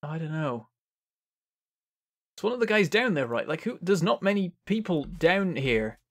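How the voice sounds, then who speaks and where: A man's voice: on the high side, sing-song, moderate pace. A man giving casual gameplay commentary, thinking aloud as he works things out. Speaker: game streamer.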